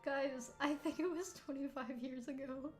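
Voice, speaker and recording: Giggly high-voiced woman streamer. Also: steady tone, moderate pace, a little mellow, faint music behind. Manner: giggly, exasperated, laughing through her words. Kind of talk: casual game commentary.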